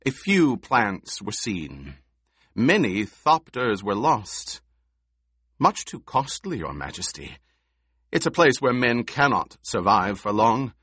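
A man's voice: lowish voice, very animated, takes it slowly, a bit bright, breathy edge, no room sound, studio quality, full character voice. A man playing a fat old baron who protests in a flustered, deferential way, in an audiobook. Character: fat old baron, blustering yet fawning.

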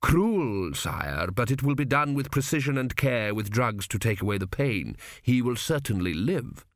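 A man voicing a smooth, impassive high priest with an oily, unctuous manner. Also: expressive, no room sound, clean studio sound, natural voice. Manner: oily, unctuous, low and slow.

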